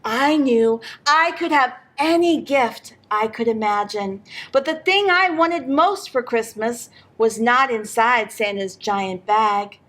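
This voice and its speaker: A woman reading a picture book aloud in an expressive storytelling manner for a library program. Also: fairly high pitch.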